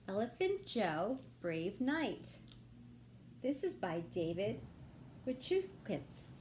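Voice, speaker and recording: A woman reading a children's picture book aloud at storytime with an expressive, storybook cadence. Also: mid-range voice, slow, a little hiss or hum.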